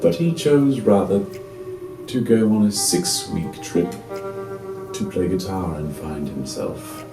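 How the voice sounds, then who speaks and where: An actor playing the superego of a slacker student, narrating in a dry, lecturing way. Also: male voice, low voice, takes it slowly, gravelly, full character voice. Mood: wry. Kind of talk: film voice-over narration. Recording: roomy echo with music.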